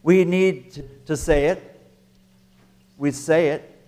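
Male pastor, sermon delivery, slow and emphatic, slightly high voice. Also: fairly even intonation. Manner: emphatic preaching with halting restarts, swinging from soft to loud.

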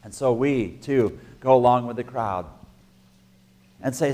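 A pastor with a medium-pitched voice preaches an emphatic sermon full of halting restarts. He swings from soft asides to loud declarations.

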